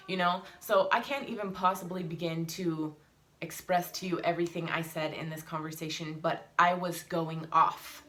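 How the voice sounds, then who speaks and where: Young adult woman, family vlogger, lowish voice, heated and blunt storyteller. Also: sharp tone. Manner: heated, emphatic retelling with swearing. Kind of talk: casual vlog storytelling.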